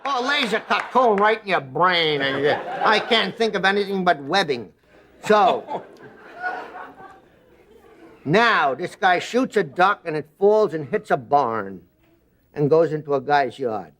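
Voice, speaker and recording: A man's voice: sits high, expressive, measured pace, pauses often, a bit bright, some chatter behind, a little hiss or hum. A man telling an improvised comic story as a talk show guest, bursting into sound effects. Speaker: comedian guest.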